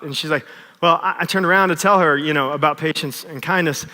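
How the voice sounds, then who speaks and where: Pastor, 30s, man: conversational and self-deprecating, slightly high and forceful tone, recorded in a reverberant sanctuary. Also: fast. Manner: conversational, self-deprecating, tags lines with "right?". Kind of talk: sermon storytelling. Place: church sanctuary. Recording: long church reverb.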